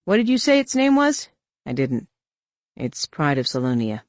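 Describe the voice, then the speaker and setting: A man's voice: a little high, huge pitch swings, normal speed, no echo, clean studio sound. A man voicing a cocky middle-aged human smuggler, brash and gloating, in an audiobook reading. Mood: sly.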